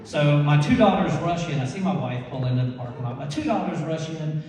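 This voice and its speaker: A man telling a lively personal story to an audience, laughing and acting out the people he quotes. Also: a little high, brisk. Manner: animated, laughing storyteller who acts out quotes. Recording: echoey hall, mic far off.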